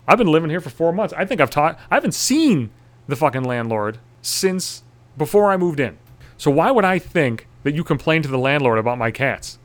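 A man's voice: fairly high pitch, big pitch swings, moderate pace. A young man telling a comic story as an exasperated, profanity-heavy rant. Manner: swearing, exasperated.

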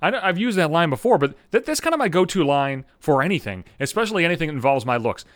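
Profane, animated man ranting. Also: on the high side, fast talker, no room sound, clean studio sound. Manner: profane, heated ranting with stammered restarts. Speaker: podcast host. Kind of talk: solo comedic rant podcast. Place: at home.

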